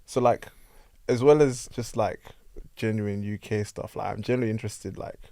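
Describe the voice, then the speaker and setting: British host, lowish voice, dry close mic, easygoing interviewer. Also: male voice, fairly even intonation, normal speed, mellow, no echo. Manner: encouraging, frequent yeahs, loose rambling questions. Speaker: podcast host. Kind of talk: casual podcast interview. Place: podcast studio.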